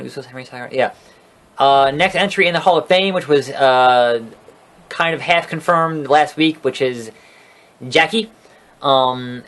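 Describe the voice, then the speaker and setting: A man's voice: mid-range voice, a bit bright. A man giving a casual, rambling recap of a wrestling show, swearing freely and sounding exasperated and sarcastic.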